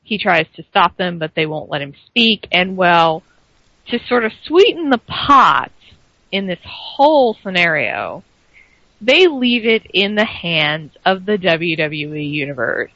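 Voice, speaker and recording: Bright, sarcastic woman co-host. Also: fairly low pitch, expressive, unhurried, dry recording. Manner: sarcastic, dry commentary. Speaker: wrestling podcast co-host. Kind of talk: casual wrestling recap chat. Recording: dry, muffled lo-fi stream.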